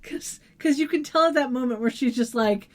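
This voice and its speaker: A woman co-hosting a podcast, with a voice pitched a little high. She walks through the plot in a casual recap style, adding wry asides, laughs and the odd curse. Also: normal speed. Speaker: podcast co-host.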